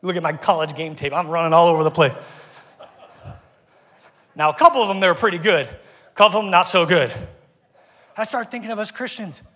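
A middle-aged man preaching a lively, conversational sermon to a congregation, breaking off and restarting his sentences. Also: high voice, brisk, long pauses. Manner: energetic, conversational, self-interrupting. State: getting out of breath. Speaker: pastor. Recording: reverberant church hall.

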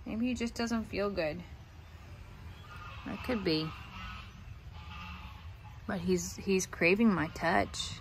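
A woman, talking in soft, cooing baby talk to her pet in a casual vlog. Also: mid-range voice, slow, long pauses, slight background noise, poor audio. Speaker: vlogger, pet owner. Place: outdoors on a farm. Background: faint farm ambience, geese and rain.

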